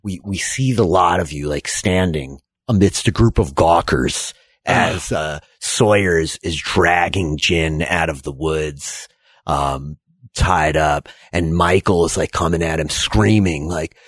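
Deep husky man narrating a game. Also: slow pace, no room sound. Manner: relaxed storytelling full of fillers. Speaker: game master. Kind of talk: narrating a tabletop role-playing game.

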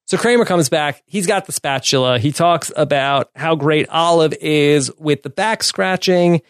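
A man's voice: fairly high pitch, a little slow, smooth, no room sound, studio quality. A man co-hosting a podcast, casually recapping an episode's scenes and chuckling along with his co-host. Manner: relaxed, recapping scenes with easy laughs.

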